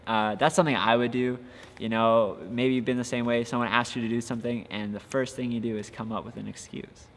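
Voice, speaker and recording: A man's voice: mid-range voice, level tone, fairly quick. A young man, a youth pastor, giving an earnest, encouraging devotional talk with frequent filler sounds. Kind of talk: casual devotional podcast talk. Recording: long reverb with faint ambient noise.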